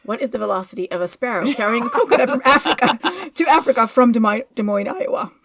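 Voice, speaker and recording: Playful woman interviewer, bright high voice. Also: fast, no echo, clean studio sound. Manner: playful, laughs often, jokey asides. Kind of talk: casual interview chat.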